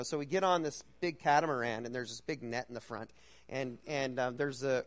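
Man, storytelling sermon, conversational, halting, lots of fillers, speaking to a crowd. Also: medium pitch.

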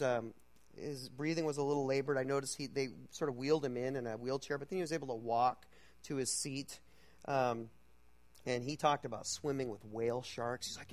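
A man with a medium-pitched voice preaches to an audience, telling a personal story in a loose, halting way full of fillers and restarts.

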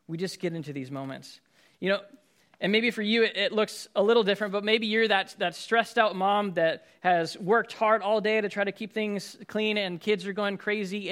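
High-voiced man preaching conversationally. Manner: conversational, acts out everyday scenes with sudden loud outbursts. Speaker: pastor. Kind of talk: sermon.

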